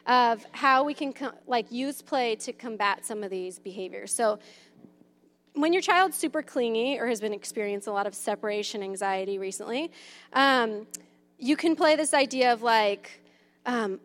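A woman's voice: on the high side, moderate pace. A woman in her thirties chatting casually about parenting and play, full of fillers and acted-out kid voices. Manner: chatty, lots of "um" and "like", acts out kids' voices. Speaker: mother sharing parenting tips. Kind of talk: casual advice talk.

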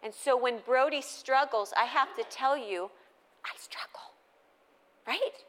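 A middle-aged woman giving a humorous storytelling talk at a faith gathering, lively and conversational, often asking the audience questions. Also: high-pitched, measured pace, long reverb tail.

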